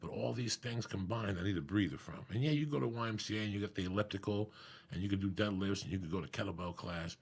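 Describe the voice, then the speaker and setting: A man with a raspy, gravelly voice, telling stories in casual chat as a comedian guest, swearing freely and acting out what people said. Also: on the low side, fast talker. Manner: profane, animated storyteller acting out quotes.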